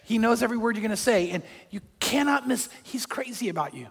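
An older man preaching a sermon as a pastor, conversational and animated, chuckling as he goes. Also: extremely high pitch, fast, breathy edge. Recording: long hall reverb.

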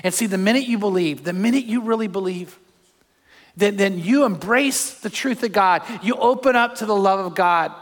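A man's voice: high voice, moderate pace. Older male pastor preaching in a reverberant church. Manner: animated storytelling, acts out crowd shouts. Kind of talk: sermon. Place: church sanctuary. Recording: long hall reverb.

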